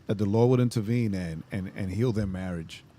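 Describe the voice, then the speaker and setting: A man's voice: on the low side, brisk, dark tone. A man co-hosting a casual faith podcast, speaking earnestly and often tagging his sentences with "right?". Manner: earnest, keeps adding "right?" as a tag. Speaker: podcast co-host.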